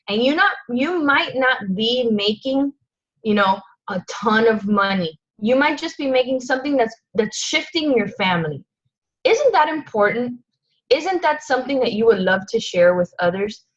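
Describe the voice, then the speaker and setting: A woman's voice: on the high side, lo-fi sound. A woman leading a motivational team call, earnest and emphatic, firing off rhetorical questions. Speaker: team leader on a coaching call. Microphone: phone or conference line.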